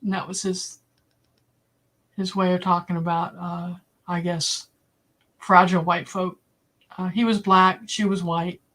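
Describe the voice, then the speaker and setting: A woman's voice: lowish voice, unhurried, pauses often. Blunt woman from Boston, telling stories. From Boston area. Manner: blunt, animated storyteller, acts out quoted voices. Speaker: livestream host. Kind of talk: casual storytelling to a live chat.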